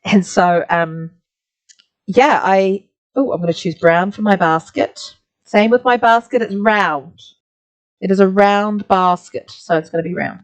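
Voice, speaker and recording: A woman's voice: medium pitch, a little slow. Chatty New Zealand woman art teacher. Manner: chatty, rambling, many "like" fillers. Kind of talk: casual storytelling while drawing.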